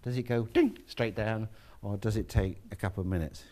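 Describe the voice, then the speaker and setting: A man giving a relaxed, chatty classroom lecture, with asides to students. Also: fairly low pitch, a little fast.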